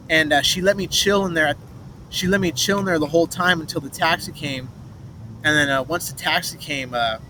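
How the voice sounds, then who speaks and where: A young man rambling through a personal story, swearing and restarting often. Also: a little high. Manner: rambling, restarts, swears, mimics others' voices in quotes. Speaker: vlogger telling a personal story. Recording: noisy street, traffic behind.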